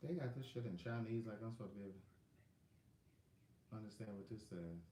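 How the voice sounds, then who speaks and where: A man's voice: lowish voice, brisk, warm tone, slight background noise. A man with a Southern US accent hosting a casual live stream, rambling and talking to viewers by name while checking his phone. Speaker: livestream host selling books. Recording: echoey room.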